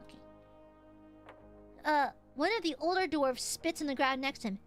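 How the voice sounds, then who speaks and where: A woman's voice: high voice, normal speed, long pauses, fairly bright tone, soft background music. A woman streaming a video game, chatting casually in a playful, crude way and laughing often.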